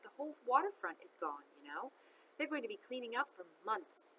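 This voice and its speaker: A kindly young Irish nurse, as a woman reading aloud puts her on, soothing and motherly with a patient. The voice is bright and clear, with faint noise in the background of the storybook reading. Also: fairly high pitch, big pitch swings, brisk, voice pushed up, poor audio.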